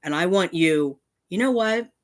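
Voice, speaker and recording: A woman with a fairly low, expressive voice hosts her own channel, speaking a little slowly. In an angry response rant to her critics, she indignantly reads out their comments and swears.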